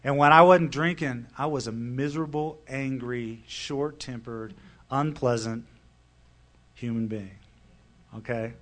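A man's voice: medium pitch, unhurried, fairly bright tone. A middle-aged man telling his personal story to a recovery meeting audience, in a wry, conversational way.

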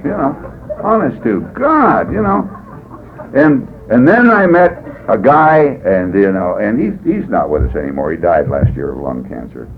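A man gives a rambling personal testimony at a recovery meeting, folksy and wry. His pitch swings widely as he tells it. The recording is a tinny, lo-fi tape with a faint hiss. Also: very animated, measured pace. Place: meeting room.

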